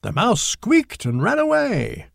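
A man narrates a children's storybook slowly and deliberately, his gravelly, husky voice rising and falling with lively expression. He sits a little higher than most men. The recording is close and dry. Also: no room sound. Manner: slow, clear, deliberate reading.

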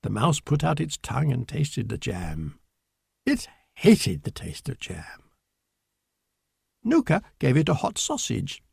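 A man reading a children's storybook aloud in a slow, clear, deliberate manner. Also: medium pitch, huge pitch swings, a little mellow, no room sound, studio quality. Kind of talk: storybook narration.

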